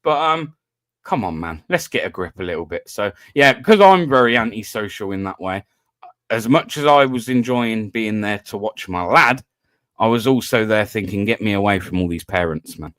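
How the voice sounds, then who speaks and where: A man's voice: fairly low pitch, moderate pace, no room sound. British guy hosting an online chat, voice jumps all over, dry sound, jokey and self-deprecating. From Britain. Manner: chatty, self-mocking, animated storyteller. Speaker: host of a live voice-chat panel. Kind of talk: casual banter.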